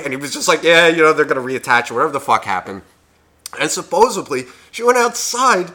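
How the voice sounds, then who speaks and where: A man's voice: fairly high pitch, big pitch swings, quick pace, bright, forceful tone. A young man co-hosting a podcast, telling a story in casual chat, rambling and swearing, with lots of fillers. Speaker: podcast co-host.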